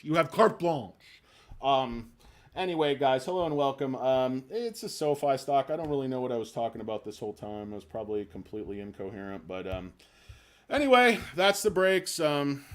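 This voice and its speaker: A middle-aged man hosting a stock livestream, rambling and ranting with self-deprecating jokes. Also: medium pitch. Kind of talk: casual rambling livestream chat.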